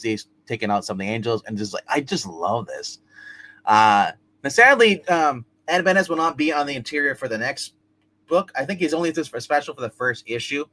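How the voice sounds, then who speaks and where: A man's voice: mid-range voice, sharp tone. A man hosting a casual live-stream comic book review, talking in a loose, rambling way with many restarts and fillers. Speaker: host of a comic review show.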